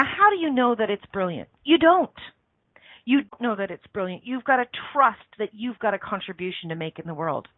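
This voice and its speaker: A woman's voice: medium pitch, dry recording. A woman hosting a motivational radio show, talking earnestly in a coaching manner and repeating phrases for emphasis. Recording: dry, tinny phone-line sound.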